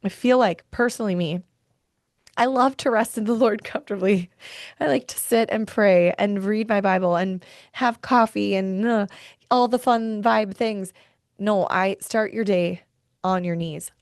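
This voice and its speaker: Gravelly-voiced woman giving earnest faith talk. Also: on the low side, a little mellow, no room sound, studio quality. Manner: earnest, heartfelt, gets worked up. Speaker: podcast host. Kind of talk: faith-based wellness talk.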